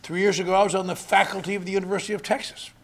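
A man's voice: sits high, level tone, racing, a bit bright. An older man sharing his recovery story with dry, wry humor at a convention. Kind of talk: recovery meeting talk. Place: convention hall.

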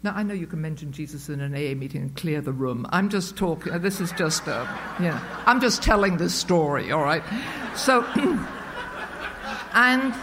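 Low-voiced woman telling a personal story. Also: expressive, moderate pace, noisy background. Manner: conversational and self-mocking, with many fillers and restarts. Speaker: speaker sharing at a recovery meeting. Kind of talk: personal storytelling to a live group. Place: meeting room with a live audience.

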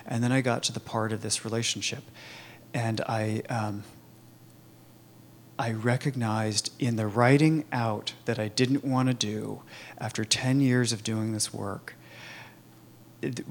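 A man telling his own recovery story in a candid, halting way, with many fillers and restarts. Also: fairly low pitch, slight background noise. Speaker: recovery program member sharing his story. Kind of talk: personal testimony, conversational.

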